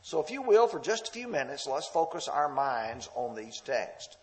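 A man's voice: mid-range voice, very animated, moderate pace. A man preaching a sermon, leading listeners through texts verse by verse with emphatic, sometimes confrontational delivery.

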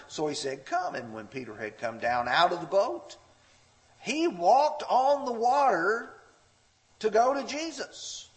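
A man delivers a sermon with a somewhat high voice that rises and falls widely. He tells a story with expression and raises his pitch sharply when he quotes scripture. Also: fairly bright tone. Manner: storytelling with a personal anecdote. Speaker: pastor.

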